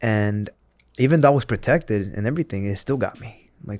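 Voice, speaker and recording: A man's voice: lowish voice, a little fast, darkish tone, dry recording, studio quality. A man in his thirties, a former wrestler and interview guest, telling his story candidly with many fillers, restarts and acted-out quotes.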